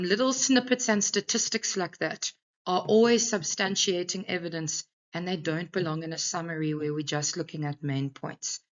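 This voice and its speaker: A woman's voice: fairly low pitch, fairly bright tone, muffled recording. A woman English teacher giving an exam revision lesson, talking a class through a text and often checking in with "okay".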